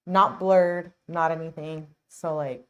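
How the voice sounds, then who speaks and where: A woman's voice: low-pitched, steady tone, slow pace, smooth, highs cut off. Earnest chatty woman hosting true crime. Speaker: true crime channel host. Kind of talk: casual commentary over footage.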